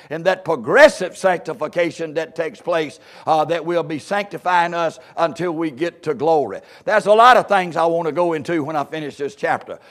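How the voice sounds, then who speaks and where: A man with a Southern US accent, pastor delivering a sermon with fervent, emphatic peaks, often repeating words and restarting phrases. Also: sits high.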